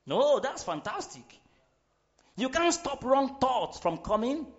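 A man from Nigeria preaching a sermon in a church, emphatic, sometimes shouting, often repeating his phrases. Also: extremely high pitch, sing-song, slow pace. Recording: slightly dull recording with faint music behind.

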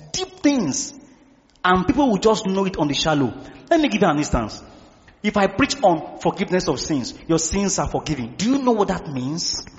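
Man, fervent sermon, very high pitch, long hall echo. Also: dull audio. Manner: impassioned preaching, shouting to the congregation. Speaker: pastor.

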